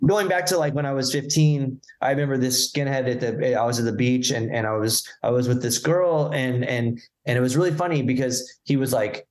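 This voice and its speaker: A man's voice: mid-range voice, fairly quick, few pauses, rough recording. A man guest telling stories in casual conversation, acting out the people he quotes. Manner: animated storyteller, acts out quoted voices. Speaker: podcast guest, musician. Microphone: video call.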